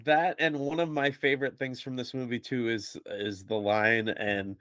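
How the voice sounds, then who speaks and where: A man's voice: mid-range voice, flat delivery, normal speed, fairly bright tone, no echo, clean studio sound. A man co-hosting a podcast in casual chat, rambling a bit and chuckling between phrases. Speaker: podcast co-host.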